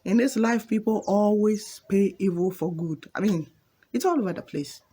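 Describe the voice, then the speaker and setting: A woman voicing a sly, hungry male lion in a spoken fable, pleading low, then gloating. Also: moderate pace, dark tone, slightly rough, natural voice.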